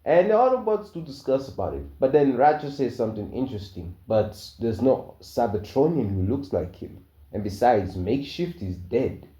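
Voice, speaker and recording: A man's voice: mid-range voice, sing-song, moderate pace, dark tone. A young man casually narrating a fan-made story, rambling and hesitant with many fillers. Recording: dull, roomy home recording.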